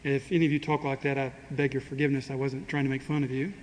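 A man's voice: mid-range voice, flat delivery, fast. A man preaching a sermon in a conversational way, asking his congregation rhetorical questions and acting out quoted speech with dry humor. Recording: long hall reverb, faint ambient noise.

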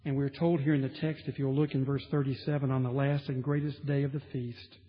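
A man's voice: mid-range voice, little pitch movement, fairly quick. A man preaching a sermon from the pulpit, emphatic and building intensity with repetition. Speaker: pastor. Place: large church sanctuary. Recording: dull sound with long hall reverb.

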